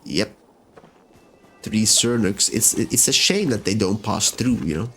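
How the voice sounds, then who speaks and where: A man talking his way through a game session, chatting to the characters as he goes. His delivery is slow and relaxed, but his pitch swings about animatedly. Soft game music plays faintly underneath. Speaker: let's-play host. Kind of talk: gameplay commentary.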